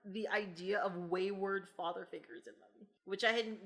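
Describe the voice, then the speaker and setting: A woman with a mid-range, slightly bright voice hosts a podcast, chatting casually about films at a moderate pace with fairly even intonation. She laughs often and quotes lines in mock voices.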